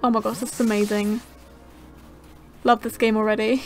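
Bubbly high-voiced young woman gaming. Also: moderate pace, faint music behind. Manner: bubbly, gasping, easily excited. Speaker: gaming channel host. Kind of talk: casual gameplay commentary.

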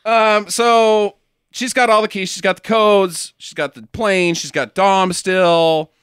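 A man co-hosting a podcast, recapping a movie plot with excited disbelief and casual swearing. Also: high voice, takes it slowly, clear, resonant tone, dry recording, clean studio sound. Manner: excitable, incredulous, swears freely. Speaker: podcast co-host.

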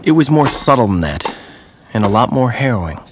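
A man's voice: mid-range voice, very animated, fairly quick, music in the background, natural voice. A man voicing Tom, a dry reflective teen narrator. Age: teens. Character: reserved teenage boy, Tom. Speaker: narrator and high school student.

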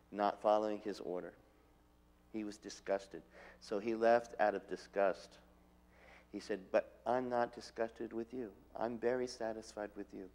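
A man's voice: fairly low pitch, a little mellow. A man earnestly recounts his spiritual teacher's words in an interview, quoting him at length. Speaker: disciple recalling his teacher. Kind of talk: reminiscing interview.

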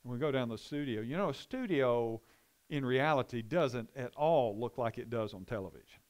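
A man's voice: mid-range voice, expressive, moderate pace, darkish tone. A middle-aged man, a pastor, teaching a Bible study and telling a rambling story full of restarts.

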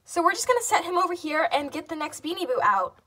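A woman with a very high, bright voice unboxes fan mail on her vlog. She gushes and gasps with excitement, repeating how cute everything is. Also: quick pace, a little hiss or hum. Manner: gushing, gasping, repeats "oh my gosh".

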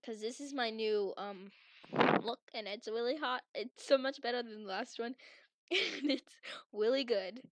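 A woman giving playful, theatrical game commentary with friends, teasing them and swinging into mock-furious shouting. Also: a little high, measured pace, no echo. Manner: teasing, giggly. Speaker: gaming channel host.

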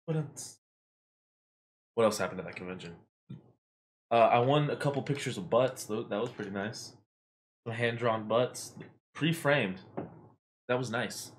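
A man hosting a podcast, telling a funny story in a loose, animated way. He swears freely and speaks at a mid pitch. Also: unhurried, pauses often, a little hiss or hum. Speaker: podcast host. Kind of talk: casual storytelling.

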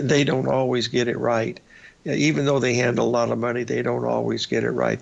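Talking over charts, a raspy-voiced male radio host gives loose, folksy market commentary that rambles, sprinkled with "uh" and "folks." His voice is mid-range, and the broadcast audio is lo-fi and a bit dull.

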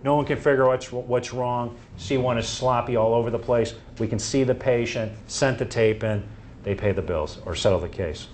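A man's voice: mid-range voice, normal speed, darkish tone, slight background noise. A man presenting to a room, walking through cases and acting out his exchanges with patients and doctors. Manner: anecdotal, acts out quoted exchanges. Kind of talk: live medical presentation.

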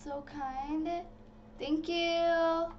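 A woman giving casual, excitable commentary while playing a video game, talking to her viewers. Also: extremely high pitch, drawn-out words. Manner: chatty and excitable, talks to viewers as "guys". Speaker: gaming channel host. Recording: slightly dull lo-fi audio with faint noise.

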